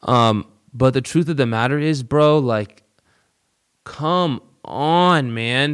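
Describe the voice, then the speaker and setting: This podcast host speaks slowly in a medium-pitched voice that is clear, resonant, and fairly bright. His fight-prediction talk is casual and blunt, full of curse words and "bro."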